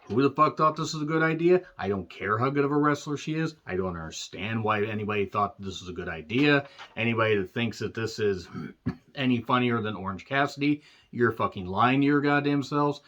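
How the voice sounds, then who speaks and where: A man's voice: medium pitch, lively intonation, a little fast, a bit bright, muffled recording. A man reviewing a wrestling show in a sarcastic, profane, exasperated rant.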